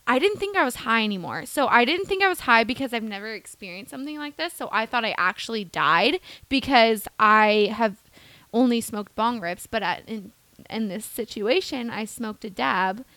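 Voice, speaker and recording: A woman's voice: fairly high pitch, expressive, normal speed, sharp tone, dry recording. A young woman co-hosting a podcast, animatedly retelling a story in casual chat, swearing freely. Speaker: podcast co-host.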